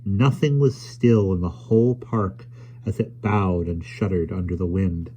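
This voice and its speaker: A man reading a children's book aloud in an expressive storytelling manner. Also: low-pitched, measured pace, dull audio, slight background noise. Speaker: audiobook reader.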